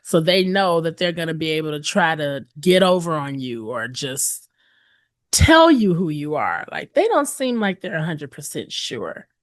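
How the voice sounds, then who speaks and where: Woman podcast coach, slow and deliberate, lowish voice, dry close sound, keeps asking okay?. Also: very animated, dry recording. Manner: emphatic, repeats "okay?" to the listener; acts out hesitant voices with big pitch jumps. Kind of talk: motivational podcast talk.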